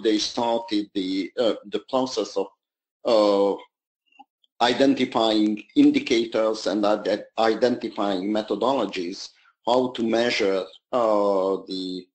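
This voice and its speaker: A man speaking as a panelist in a panel discussion, halting and pausing often with fillers as he talks. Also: lowish voice, poor audio. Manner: halting, with many pauses and fillers.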